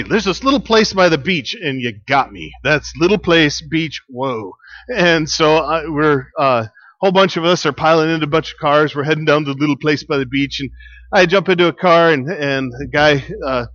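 A man's voice: fairly high pitch, fairly bright tone, lo-fi sound. A man preaching a sermon as pastor, telling stories in a chatty way with fillers and laughter.

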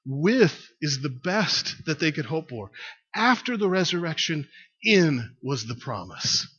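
A man's voice: on the high side, very animated, a little slow, bright, forceful tone, slightly rough. A male pastor preaching a sermon in a conversational way, with fillers and emphatic repeats. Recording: lo-fi dull recording.

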